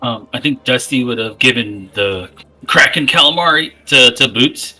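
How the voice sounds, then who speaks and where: A man's voice: medium pitch, expressive, moderate pace, pushed and bright, faint music behind, rough recording. A man playing a tabletop game, describing his character hesitantly with repeated words. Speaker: player.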